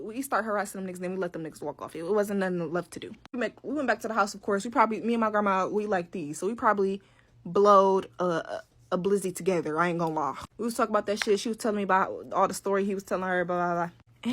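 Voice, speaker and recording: A woman's voice: medium pitch, fast. A young woman telling a story in casual, profane talk, acting out what others said. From Detroit. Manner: animated, profane, quoting others in raised voices.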